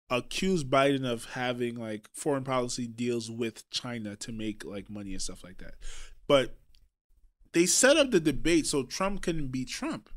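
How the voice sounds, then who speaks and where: A man from Trinidad co-hosting a casual podcast, talking in an animated way with swearing and quick asides. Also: medium pitch. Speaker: podcast co-host.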